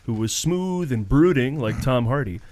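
A man's voice: mid-range voice, expressive, normal speed, darkish tone, a little hiss or hum. A man hosting a movie podcast, reading scripted comic reviews in a dry joking way. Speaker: podcast host.

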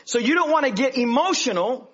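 A man preaching a sermon in an animated way, swinging from hushed to loud. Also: very high voice, a little fast. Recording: dull lo-fi sermon recording.

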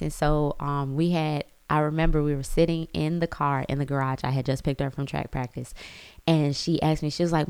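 A woman's voice: sits low, fairly even intonation, normal speed, a little mellow, clean tone, dry recording. A woman, chatting casually as she tells a family story to her viewers. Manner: chatty, says y'all, acts out quotes. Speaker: vlogger.

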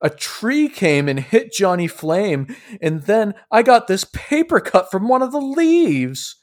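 A man plays a touchy young islander in a tabletop game, whining and quick to lash out. The voice sits well above the performer's own, thin and self-pitying. Every complaint comes out aggrieved. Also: sits high, sing-song, pitched above the performer's own voice, full character voice. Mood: whiny. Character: whiny, petulant young male islander.

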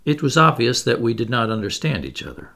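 A man narrating a classic novel in the first person, with an expressive, reflective reading. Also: medium pitch, fairly quick. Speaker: audiobook narrator.

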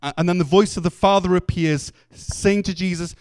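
A man's voice: sits high, steady tone, normal speed, darkish tone. A man preaching a sermon, telling the story earnestly and acting out the quotes. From Wales.

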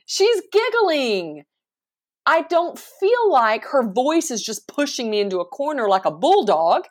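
A woman's voice: high-pitched, very animated, measured pace. A woman in her forties, a professional speaker, talking animatedly and emphatically as a guest in a casual interview, often laughing.

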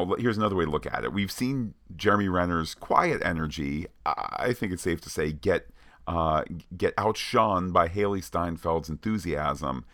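A man with a very low voice that still comes across bright and forceful, recorded dry and close. He co-hosts a podcast in a chatty, playful way, full of "uh"s and asides. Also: dry recording. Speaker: podcast co-host. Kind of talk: casual chat.

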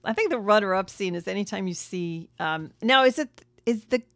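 A woman co-hosting a casual movie review chat, relaxed and hesitant with frequent ums. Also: medium pitch, normal speed, dry recording, clean studio sound. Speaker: podcast co-host.

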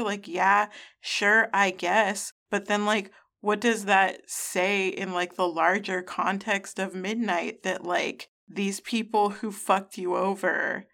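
A woman's voice: medium pitch, steady tone, slow, a bit bright. A woman co-hosting a podcast, chatting casually about a book in a sarcastic, ranting way and swearing freely. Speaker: podcast co-host. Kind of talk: casual book-discussion chat.

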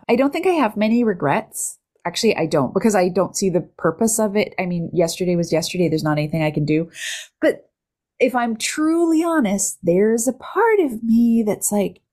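A woman's voice: mid-range voice, darkish tone. A middle-aged woman hosting an interview, candid and reflective, open about her own parenting. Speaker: podcast host. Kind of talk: casual interview chat.

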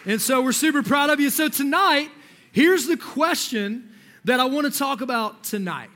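A man giving an energetic, joking youth sermon as a youth pastor, talking directly to the crowd. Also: very high-pitched, moderate pace, noisy background.

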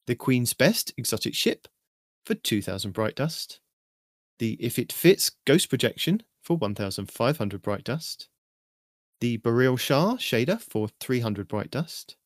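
Male host, scripted game news rundown, steady delivery, mid pitch, dry sound. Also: a little slow, dry recording. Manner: steady, even list-reading delivery. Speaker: host of a weekly game update.

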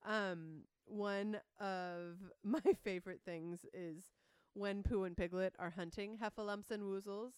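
A woman's voice: mid-range voice, steady tone, takes it slowly, smooth, dry recording. A woman co-hosting a podcast in casual chat, explaining her thinking in a thoughtful, analytical way. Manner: thoughtful, analytical, reads quotes aloud. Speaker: podcast co-host.

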